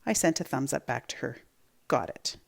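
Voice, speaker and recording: Woman teacher, reading aloud, low voice, animated, slightly gravelly. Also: fast talker. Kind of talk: reading a chapter book aloud.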